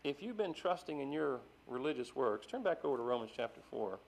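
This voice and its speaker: A man preaching a sermon, reading scripture slowly with rising emphasis. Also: mid-range voice, very animated, creaky, rough recording. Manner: emphatic, slows down and rises when reading scripture.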